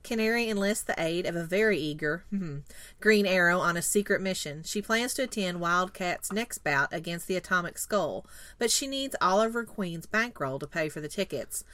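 A woman's voice: on the low side, expressive, normal speed, a bit bright, no room sound. Teasing female podcast co-host, dry sound. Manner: teasing, playful. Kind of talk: casual chat and scripted episode recap.

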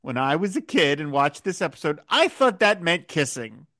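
A man's voice: fairly high pitch, very animated, normal speed, bright, forceful tone, no room sound, clean studio sound. A man chatting casually on a podcast, retelling scenes and acting out the characters' lines with chuckles. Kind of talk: casual chat.

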